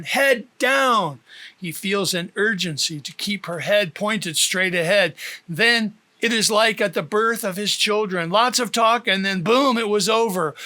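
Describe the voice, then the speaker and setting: A man reading his own novel aloud as an audiobook, in a steady, plain storytelling manner. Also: high voice. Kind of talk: audiobook narration.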